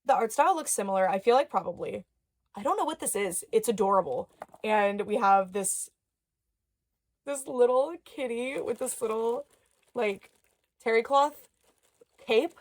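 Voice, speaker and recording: A young adult woman chatting casually as she unboxes dolls and toys, excitable, with gasps and soft murmured asides. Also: a little high, normal speed, pauses often. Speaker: doll collector YouTuber.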